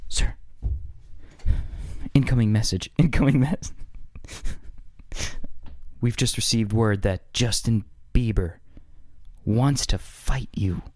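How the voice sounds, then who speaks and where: A man's voice: medium pitch, slow pace, pauses often, no room sound, voice pushed down. A man doing a stammering, nervous assistant. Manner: hushed, stammering and apologetic.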